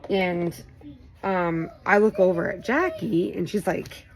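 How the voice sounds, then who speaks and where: Brief: thirties woman, casual vlogger, low gravelly fry, chatty and rambling. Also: slow, poor audio. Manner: animated, rambling, lots of fillers. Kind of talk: casual storytelling chat. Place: home, late night.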